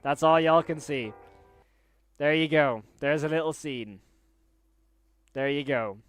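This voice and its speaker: A young adult man hosting a casual livestream, excitable and openly emotional as he talks to viewers. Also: a little high, slow pace, clean tone, faint music behind. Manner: excitable, then hushed and emotional. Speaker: livestream host.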